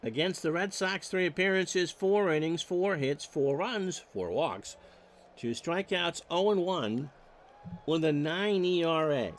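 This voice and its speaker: A play-by-play announcer calls a baseball game, reading off stats with wry joking asides. His voice is on the high side, animated, and a little slow.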